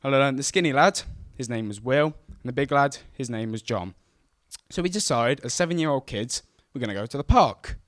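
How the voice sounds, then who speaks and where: A young man telling a true story on stage, animated and self-mocking as he acts out the scenes. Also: medium pitch, fairly quick, dry recording, studio quality. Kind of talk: live storytelling to an audience. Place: stage at a live event.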